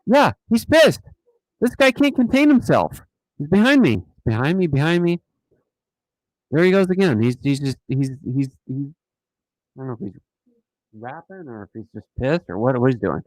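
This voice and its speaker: A man hosting a casual live stream, talking in an animated, mocking way and often repeating himself. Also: fairly high pitch, normal speed, long pauses, no room sound, low-quality recording. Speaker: host of a dashcam channel live stream.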